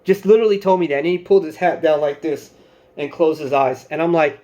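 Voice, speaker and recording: A man's voice: on the high side, fast talker, warm tone, lo-fi sound. A man, in his thirties, giving casual advice to camera and telling stories, acting out what bosses and coworkers said. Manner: loose storytelling, acting out quoted bosses and coworkers. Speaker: security channel host giving advice.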